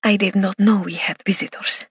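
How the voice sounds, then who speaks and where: Lady reading a hot-headed chilean woman, thick spanish accent, kinda husky. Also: medium pitch, steady tone, moderate pace, no room sound, studio quality. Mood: brusque, formal. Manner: abrupt, apologetic. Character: Chilean woman, fiery and short-tempered.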